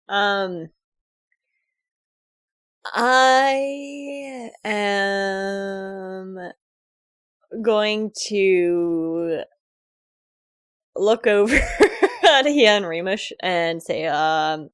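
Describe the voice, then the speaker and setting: A woman playing a tabletop role-playing game, describing her character's actions in an unhurried way. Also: medium pitch, no echo. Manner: unhurried, laughs often. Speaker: player.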